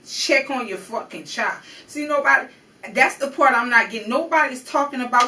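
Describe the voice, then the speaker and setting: A woman's voice: sits high, moderate pace, bright, forceful tone, far from the mic. Impassioned woman ranting in an echoey room. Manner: impassioned, profane, confrontational. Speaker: vlogger commenting on a news story. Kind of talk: emotional personal commentary rant. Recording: roomy echo, voice off-mic.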